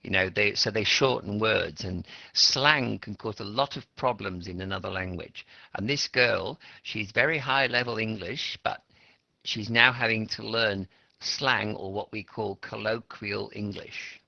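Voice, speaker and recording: Australian man, English teacher, patient explainer, low gravelly voice, dull lo-fi sound. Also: measured pace, bright, forceful tone, dry recording. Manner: explains patiently, asks students questions. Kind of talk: classroom teaching. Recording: lo-fi classroom recording.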